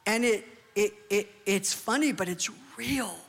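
A middle-aged woman preaching to her congregation, her mid-range voice lively and earnest. She drives each point home and keeps asking for amens. Her sermon rings out with a long reverb from a large hall. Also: medium pitch, a little slow, vocal fry. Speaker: pastor. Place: church hall.

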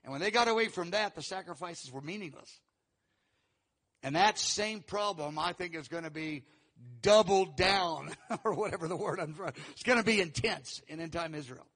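Man, high voice, sermon, animated preacher, emphatic quoted lines. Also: moderate pace. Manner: animated, voicing God's lines with rising emphasis and sarcasm. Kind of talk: sermon teaching through scripture.

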